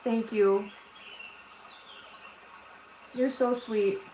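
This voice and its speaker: A woman hosting a casual art livestream for her viewers, tearful, talking in a halting, emotional way with many restarts. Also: on the high side, fairly even intonation, warm tone. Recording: roomy echo with faint background noise.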